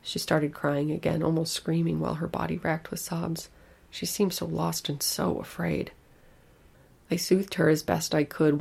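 A woman reads a first-person horror story aloud in a steady voice. Her tone is gravelly with a noticeable fry. Her pitch stays flat and even, and she keeps the telling controlled. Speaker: narrator.

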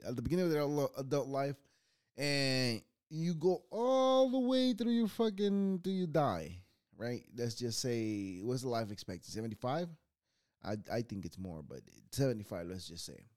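Profane ranting man with lively pitch. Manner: profane, rambling, animated swings in loudness. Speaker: channel host. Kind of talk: casual ranting monologue.

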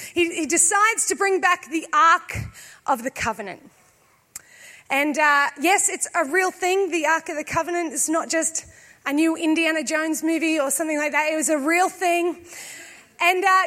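A woman with a strikingly high voice preaches a sermon. She talks to the congregation in an easy, conversational way, mixes in humor, and slows right down on the points she wants to stress. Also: pushed and bright. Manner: conversational and humorous, with slow emphatic pauses. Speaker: pastor.

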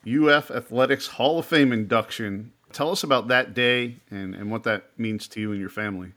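Man, podcast host, bright and punchy tone, medium pitch, joking, quick interjections.

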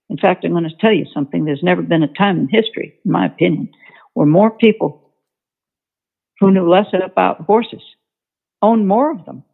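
A woman's voice: lowish voice, gravelly, slightly rough. A woman, an author on horsemanship, telling a story in an interview in a folksy, emphatic way. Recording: tinny phone-line sound.

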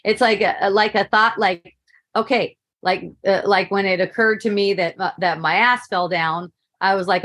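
A woman's voice: mid-range voice, steady tone, moderate pace, a bit bright. A middle-aged woman telling a personal story in a casual spoken monologue, laughing often and asking "right?" to keep the listener with her.

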